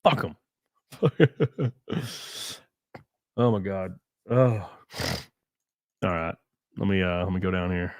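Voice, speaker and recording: A man hosting a livestream, reading viewer donations and ranting in a profane, excitable way. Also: low voice, slow, long pauses, smooth, no echo, highs cut off. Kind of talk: casual livestream chat and rant.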